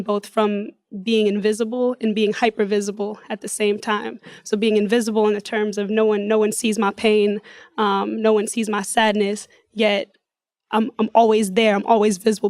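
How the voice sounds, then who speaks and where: A woman's voice: medium pitch, darkish tone, no echo, clean studio sound. A woman from Africa, a poet and youth worker, sharing personal testimony at a community gathering in an earnest, reflective way.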